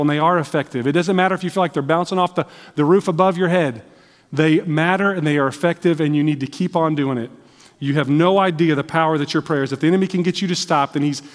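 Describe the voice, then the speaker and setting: A man preaching a sermon in a church, telling personal stories in a conversational way. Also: a little high. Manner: conversational storytelling with restarts. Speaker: missionary preacher. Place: church sanctuary. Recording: church hall with long reverb.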